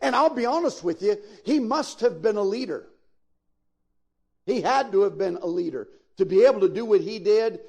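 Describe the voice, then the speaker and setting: A man's voice: high-pitched, expressive, moderate pace, creaky, a little mellow. A man preaching a sermon as pastor, speaking directly to his listeners and swelling into sudden emphatic peaks. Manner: folksy, addresses listeners directly.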